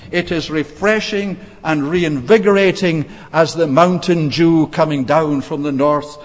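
Man preaching a sermon in a reverberant church. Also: a little high. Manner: measured preaching with frequent uh fillers and restarts. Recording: long reverb of a church hall.

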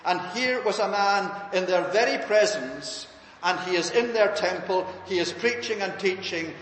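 A man's voice: high voice, normal speed, a bit bright, a little hiss or hum. A man preaching a sermon in an earnest, emphatic way, stacking his points through repetition. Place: large church building. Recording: echoey hall from far off.

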